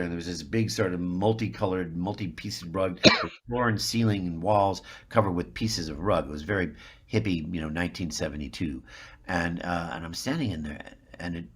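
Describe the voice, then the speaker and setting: A man's voice: low-pitched, breathy edge. A man in his seventies, a guest actor, telling a long rambling anecdote and acting out the people in it. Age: 70s. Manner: rambling, animated storyteller who acts out the people he quotes. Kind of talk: anecdotal storytelling.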